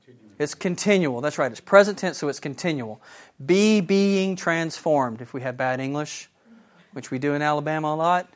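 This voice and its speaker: Animated man teaching the Bible. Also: a little high, fast. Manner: animated and enthusiastic, asks the audience questions. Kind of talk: sermon.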